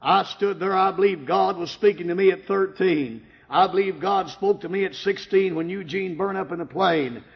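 An older man giving a fervent sermon testimony, swinging from hushed tones to loud outbursts. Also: sits high, normal speed, gravelly, few pauses. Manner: impassioned, swings from hushed to shouting. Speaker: preacher giving his testimony. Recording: dull lo-fi recording in a reverberant hall.

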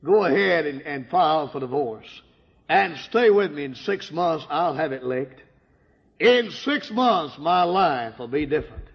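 A man's voice: on the high side, normal speed. A man preaching his life testimony in a church, telling it with strong emotion and quoting dialogue. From Michigan. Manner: emotional storytelling, rising to cries at peaks. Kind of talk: sermon testimony. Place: church sanctuary. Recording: dull lo-fi sound in a reverberant hall.

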